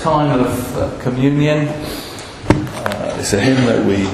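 A man preaching a sermon in an earnest way, often pausing with ums and restarts. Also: medium pitch, gravelly, background noise. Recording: echoey hall with long reverb.

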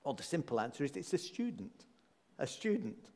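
Male preacher, emphatic and repetitive delivery, slightly high, long hall reverb. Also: big pitch swings, moderate pace, darkish tone. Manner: emphatic, repeating key phrases. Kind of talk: sermon.

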